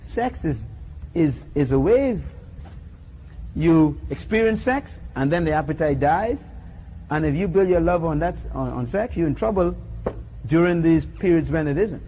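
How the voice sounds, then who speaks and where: A middle-aged man preaching a sermon in a lively, humorous way, acting out little scenes as he teaches. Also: on the high side, a little hiss or hum.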